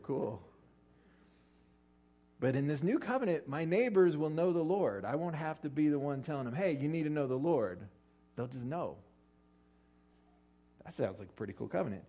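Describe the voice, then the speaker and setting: Animated preaching man, lively delivery. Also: moderate pace. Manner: animated, joking, acts out quotes with big jumps in pitch. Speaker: pastor. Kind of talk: sermon. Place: church or hall with an audience eating lunch.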